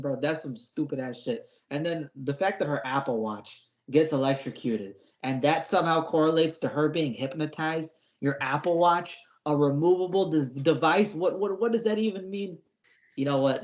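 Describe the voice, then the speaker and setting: A man with a slightly high voice rants through a casual review, slangy and exasperated, quick to mock. His voice is captured in a roomy space with a dull, lo-fi tone. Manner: exasperated, slangy, mocking with put-on whiny voices. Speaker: podcast co-host reviewing horror episodes.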